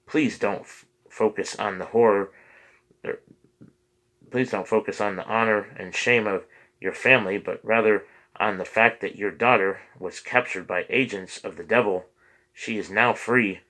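Earnest low-voiced priest urging calm, as a guy reads him, bright forceful tone. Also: moderate pace, poor audio. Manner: earnest, pleading. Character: earnest male priest, calm, pleading for peace. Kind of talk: audiobook character reading.

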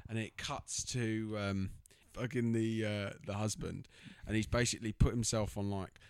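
A man's voice: fairly low pitch, fairly even intonation, moderate pace, clear, resonant tone, no room sound. A man co-hosting a podcast, blunt and jokey as he swears through a casual film chat. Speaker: podcast co-host.

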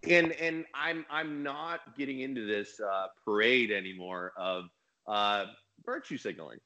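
A man, a business coach and mentor, talking in a casual podcast conversation with an energetic, emphatic manner. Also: medium pitch, unhurried, poor audio.

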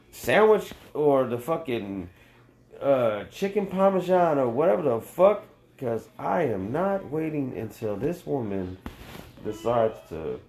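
A man hosting a podcast, telling rambling stories in a profane, animated, casual way. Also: fairly low pitch. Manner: profane, animated, tangent-prone. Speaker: podcast host.

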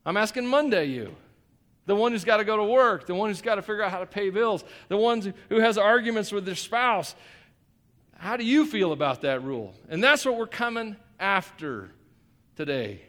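A man's voice: fairly high pitch, animated, moderate pace, fairly bright tone. A male pastor preaching a sermon in a conversational way, with joking asides and emphatic repetition.

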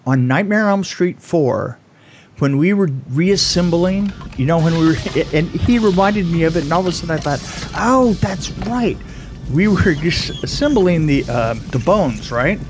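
Jokey man with a higher voice, animated storyteller on a casual podcast. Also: moderate pace, music in the background. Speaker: podcast co-host, film effects veteran.

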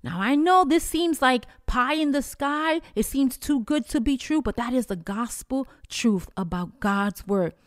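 A woman's voice: sits high, animated, a little slow, few pauses, dry recording, studio quality. An older woman hosting a devotional podcast, talking in a fervent, encouraging, preacherly way and closing with prayer. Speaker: podcast host.

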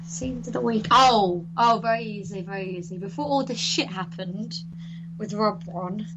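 A woman's voice: mid-range voice, moderate pace, muffled recording, over music. A woman co-hosting a casual podcast, cheerful and giggly. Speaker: podcast co-host. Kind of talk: casual chat.

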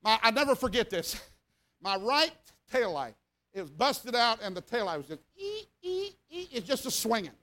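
Man, revival preacher, folksy sermon story, animated, high bright voice. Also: normal speed.

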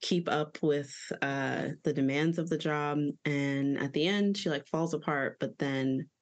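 A woman's voice: low voice, unhurried. A woman in her thirties joins a casual podcast as a guest. She talks in a chatty, rambling way and fills her sentences with "like.". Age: 30s. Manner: chatty, rambling, often says "like".

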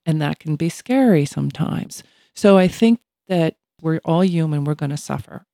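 A woman's voice: sits low, animated, normal speed, vocal fry, mellow, no room sound, clean studio sound. A woman in her sixties co-hosting a casual talk show, speaking reflectively and thoughtfully. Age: 60s. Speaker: podcast co-host. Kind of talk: casual chat.

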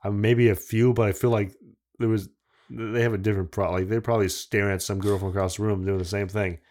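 A man's voice: lowish voice, level tone, fast talker, a little mellow. A man hosting a podcast, chatting casually and joking with an old friend, swearing now and then. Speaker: podcast host. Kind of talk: casual chat.

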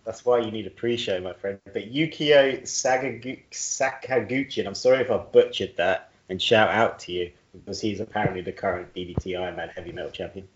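A low-voiced podcast co-host talks fast, barely pausing, as he chats casually. He keeps joking and laughing at himself, captured in roomy, dull audio.

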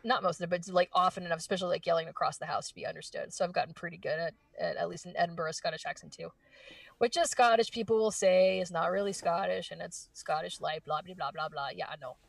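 A woman voice actress being interviewed, chatting casually and fast with lots of fillers and restarts. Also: lowish voice, fairly even intonation, vocal fry, no echo, recorded from a distance. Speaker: voice actress guest.

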